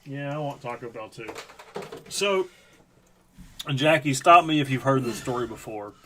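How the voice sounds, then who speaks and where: A man's voice: medium pitch, expressive, normal speed, heavy background noise. A man hosting a live stream, telling a rambling, profane story in a casual chat. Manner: rambling, profane, lots of fillers.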